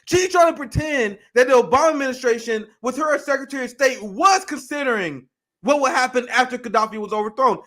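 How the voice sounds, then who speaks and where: A man hosting a political commentary show, heated and profane, reacting with outrage and bursts of shouting. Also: extremely high pitch, fast talker. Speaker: show host.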